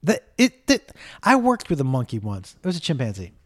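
A middle-aged man hosting a casual comedy podcast, telling stories in an animated way, acting out the people he quotes, swearing often. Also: medium pitch, brisk. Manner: animated storytelling, acts out quotes, swears, talks to his dog.

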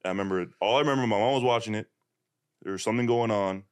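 A man's voice: fairly low pitch, racing, dry recording, clean studio sound. A man hosting a podcast in a casual, rambling way with lots of fillers. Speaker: podcast host. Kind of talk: casual chat.

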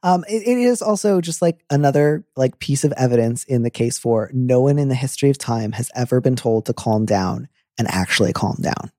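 A man hosting an advice podcast, talking in a playful, jokey way with animated asides. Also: mid-range voice, brisk, few pauses, no echo, clean studio sound. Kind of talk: casual advice chat.

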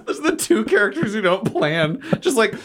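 A woman's voice: mid-range voice, big pitch swings, brisk, crowd noise. A woman at a tabletop game, giggling through joking commentary. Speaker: player. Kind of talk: casual tabletop chat.

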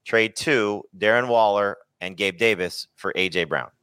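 A man's voice: lowish voice, measured pace, fairly bright tone, clear, resonant tone, dry recording. A man hosting a casual podcast, reading listener questions aloud and turning them over to the panel. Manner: reads listener questions, then asks panelists. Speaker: podcast host.

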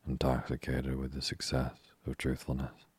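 A man reading a classic novel aloud as a calm, soothing sleep story. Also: very deep voice, husky, no echo. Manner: slow, steady, soothing reading. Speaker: audiobook reader.

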